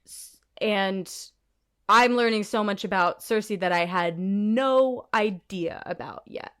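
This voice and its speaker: A woman co-hosting a podcast in casual chat, animated and ranty, swearing and laughing often. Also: medium pitch, slow, clear, resonant tone. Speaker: podcast co-host.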